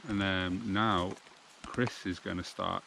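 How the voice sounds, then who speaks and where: Low-ish british guy vlogging from a camp in the woods, easygoing and chatty, a bit of background hiss. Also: takes it slowly, creaky. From United Kingdom. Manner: relaxed, chatty, laughs easily. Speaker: channel host. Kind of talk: casual outdoor vlog. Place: woodland campsite outdoors.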